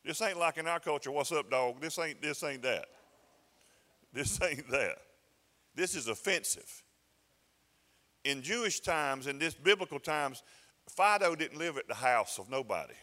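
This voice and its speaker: Pastor preaching with bright church reverb. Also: male voice, fairly high pitch, animated, measured pace, long pauses. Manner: conversational preaching with repeated restarts and folksy asides. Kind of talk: sermon. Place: church sanctuary.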